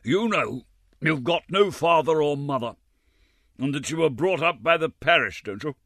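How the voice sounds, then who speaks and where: A man voicing a pompous, fat, red-faced old gentleman presiding over a board in a storybook reading, speaking in a booming, condescending way. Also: expressive, normal speed, dry recording, studio quality.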